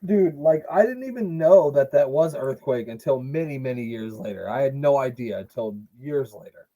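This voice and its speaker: A man's voice: medium pitch, animated, moderate pace, dark tone, muffled recording. A man co-hosting a wrestling podcast, chatting casually, joking and swearing now and then. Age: adult, watched as a child in 1995. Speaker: podcast co-host. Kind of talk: casual chat watching wrestling.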